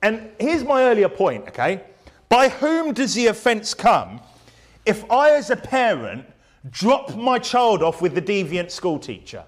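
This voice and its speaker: Male preacher, high voice, fiery and emphatic in the pulpit. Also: wildly swooping pitch, a little slow. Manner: emphatic, fiery, full of rhetorical questions. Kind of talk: sermon.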